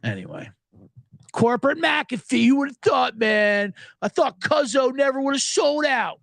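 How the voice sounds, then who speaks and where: A man with a gravelly, unhurried voice hosts a live sports podcast in Los Angeles, recorded without echo. He rants casually and sarcastically, animatedly mimicking other people in a high, raised voice.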